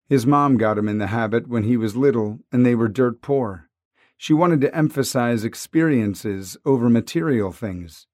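A man's voice: medium pitch, darkish tone, no echo, studio quality. A man narrating a novel in a wry, conversational tone. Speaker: audiobook narrator. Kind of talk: scripted narration.

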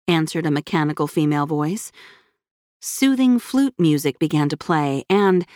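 Her lowish voice delivers scripted audiobook narration at an even, measured pace. The recording has no echo and a clean studio sound.

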